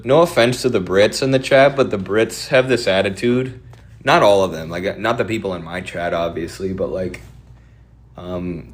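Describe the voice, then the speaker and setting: A man streaming and answering viewer questions in a quick, offhand, opinionated way. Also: fairly low pitch.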